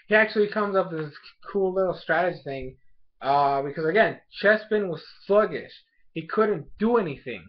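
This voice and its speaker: A man casually reviewing an anime episode, rambling with lots of fillers and excited laughs. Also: a little high. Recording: dull lo-fi sound.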